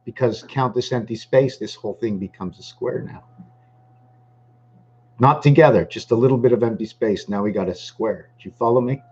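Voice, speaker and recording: A man's voice: mid-range voice, moderate pace, darkish tone, slightly rough, lo-fi sound. A man talking in a meandering monologue, full of ums and restarts. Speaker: channel host. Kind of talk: rambling monologue.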